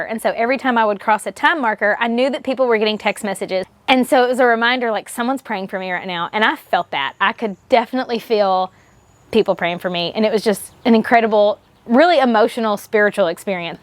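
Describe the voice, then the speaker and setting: A woman's voice: a little high, dry recording. A young woman vlogger recounting her race day in a chatty, enthusiastic way that turns emotional. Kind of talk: casual race recap.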